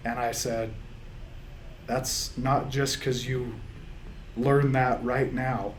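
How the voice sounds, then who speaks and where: In an emotional interview, a male football coach looks back on his team's season, rambling and restarting as he relives it. His mid-range voice is level and slow, and he gets choked up and laughs through tears. There's slight background noise.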